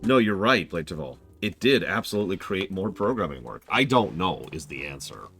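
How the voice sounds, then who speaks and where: A man's voice: low voice, brisk, soft background music. A man streaming a game review, talking casually and opinionated while he plays. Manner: chatty, opinionated, lively. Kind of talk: casual live-stream commentary.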